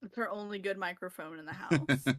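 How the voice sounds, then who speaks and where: A woman's voice: lowish voice, fairly quick, fairly bright tone, no echo, clean studio sound. A woman playing in a tabletop game on a shared microphone, chirpy and teasing. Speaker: player. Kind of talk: casual chat at the game table.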